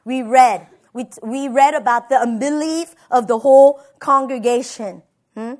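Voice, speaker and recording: Woman pastor with a high voice, storytelling sermon, conversational. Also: a little slow, darkish tone. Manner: personal storytelling, tags lines with "right?".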